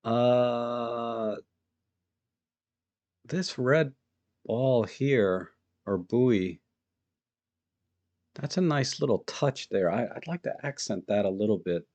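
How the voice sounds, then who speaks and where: Editing photos live on stream, this man chats easily and talks through his process, stopping often to pause. His voice is mid-range and his pace slow, and he greets people as they show up in chat.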